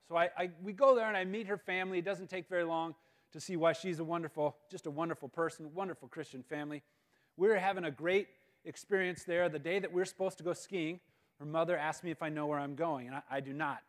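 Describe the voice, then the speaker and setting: Guest speaker, male, higher voice; animated, self-deprecating storyteller. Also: fast talker. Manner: animated, self-mocking, repeats words. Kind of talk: humorous storytelling talk. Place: school auditorium. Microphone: live-stream mic.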